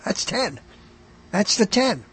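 A man's voice: high-pitched, very animated, slow pace, a bit bright, husky. A man hosting a radio show, rambling casually about movies, often trailing off with uh and short laughs. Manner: rambling, self-interrupting, lots of uh and laughs.

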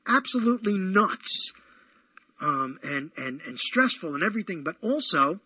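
A man's voice: fairly high pitch, breathy edge, no room sound, highs cut off. A man from Brooklyn hosting an internet talk show, rambling and correcting himself as he goes. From Brooklyn, New York. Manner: rambling, self-correcting, excitable. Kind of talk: rambling solo radio talk.

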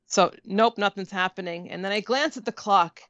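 A woman telling a comic story in casual chat, animated and swearing, acting out the voices of people she quotes. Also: mid-range voice, moderate pace, no room sound, lo-fi sound.

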